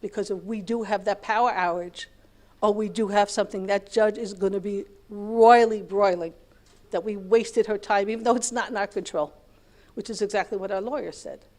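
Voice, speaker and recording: A woman's voice: mid-range voice, steady tone, moderate pace, a little mellow. A middle-aged American woman teaching a Torah class, telling a long family story with lots of repetition and Hebrew terms. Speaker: lecturer.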